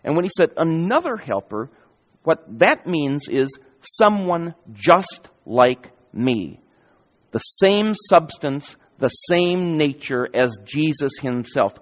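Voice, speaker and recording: A man preaching a sermon in an emphatic, varied delivery with deliberate pauses, in a church sanctuary. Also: a little high, big pitch swings. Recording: hall reverb.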